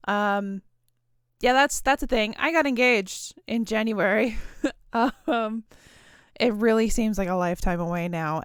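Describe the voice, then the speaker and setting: Young female podcast host, rambling and giggly, smooth slightly high voice. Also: no room sound, clean studio sound. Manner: rambling, giggly, self-deprecating. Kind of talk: casual solo podcast chat.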